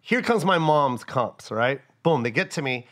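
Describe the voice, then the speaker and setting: A man's voice: mid-range voice, sing-song, unhurried, a bit bright. A man who is a comedian, telling profane stories in casual chat with acted-out quotes. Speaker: comedian, podcast co-host.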